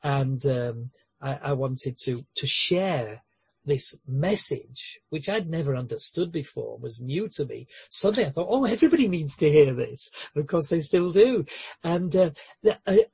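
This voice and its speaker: Man, sermon, earnest preacher, humorous asides, husky voice, dry close sound. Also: on the high side, a little mellow, no echo. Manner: frequent word repetitions and restarts.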